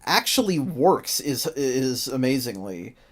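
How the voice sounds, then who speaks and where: Podcast host, mid pitch, casual review chat, quick to exasperated outbursts. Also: over a noisy crowd. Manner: animated, exasperated, laughs often.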